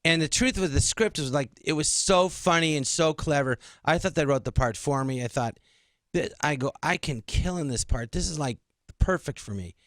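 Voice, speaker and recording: A man's voice: fairly high pitch, normal speed, no room sound. A middle-aged man, a comedian guest in a radio interview, telling stories animatedly and acting out what others said. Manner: animated, acts out quoted dialogue. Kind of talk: casual interview storytelling.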